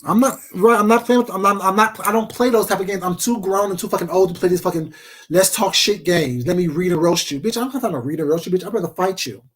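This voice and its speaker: High-pitched guy cussing folks out on his vlog, combative and fired up. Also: fast, a bit bright, slightly rough. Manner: profane, confrontational, combative. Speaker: vlogger. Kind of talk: casual rant to camera.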